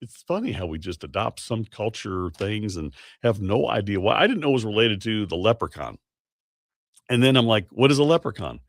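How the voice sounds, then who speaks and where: Gravelly-voiced chatty male radio host. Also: on the low side, animated, normal speed, dry recording. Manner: rambling, self-correcting, chatty. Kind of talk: casual morning radio talk. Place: radio studio. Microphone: studio microphone.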